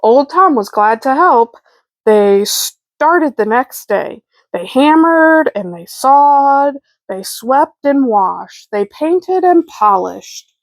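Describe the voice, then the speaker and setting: Brief: woman reading a picture book aloud, unhurried, bright higher voice, dry close mic. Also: dry recording. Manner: slow, clear, expressive. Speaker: children's book reader. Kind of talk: storybook read-aloud.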